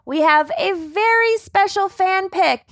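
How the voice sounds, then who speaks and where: A woman in her thirties co-hosting a podcast in casual chat, laughing often and tossing in quick asides. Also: very high-pitched, fairly bright tone. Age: 30s. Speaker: podcast co-host.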